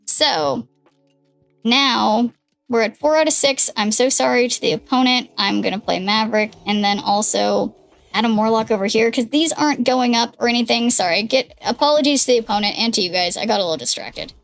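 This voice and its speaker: A woman's voice: fairly high pitch, brisk, gravelly. A young woman streaming a card game, chatting casually and thinking aloud over her moves on a headset mic. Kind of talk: casual gaming livestream commentary. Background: faint background music.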